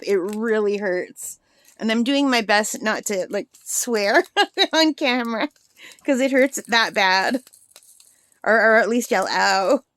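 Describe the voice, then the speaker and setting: A middle-aged woman with a medium-pitched, fairly bright voice chats casually and rambles while working on a craft vlog. She laughs often as she goes.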